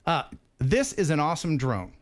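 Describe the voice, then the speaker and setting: A man hosting a live drone stream in casual chat, excitable and quick to laugh, thanking viewers effusively. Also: on the high side. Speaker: host.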